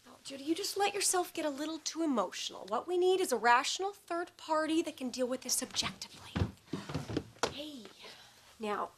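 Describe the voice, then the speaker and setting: A self-assured aunt playing family counselor, soothing and a little patronizing. Her voice is high and lilts widely in pitch. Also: expressive, fairly quick. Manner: soothing, patronizing therapy-speak. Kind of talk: multi-camera sitcom acting.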